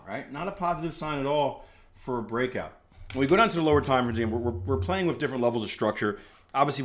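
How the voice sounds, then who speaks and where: A man in his thirties from the US East Coast, telling rambling stories in a casual live stream and then walking through trading charts, with frequent restarts and "like". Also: mid-range voice. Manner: rambling storyteller, many restarts and "like", chuckles often. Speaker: forex trading educator.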